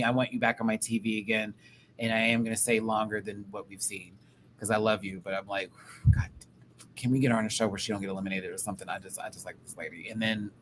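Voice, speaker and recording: A man's voice: fairly low pitch, a bit bright, slight background noise, poor audio. A man hosting a casual pop-culture chat show, talking in a sassy, rambling, profane way. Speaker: podcast host.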